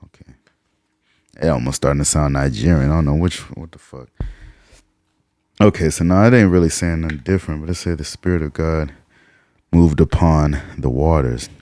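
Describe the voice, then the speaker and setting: A man's voice: rumbling low, brisk, mellow, no echo, studio quality. A man giving a casual, profane lecture on old texts, reading passages aloud and musing bluntly as he goes. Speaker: occult lecturer.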